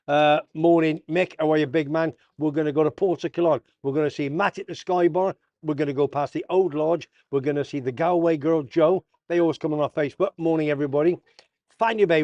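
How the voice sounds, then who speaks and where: A man's voice: on the high side, a little mellow, dry recording, lo-fi sound. A man hosting a casual sports roundup vlog, full of jokey banter and slang. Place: south of Tenerife.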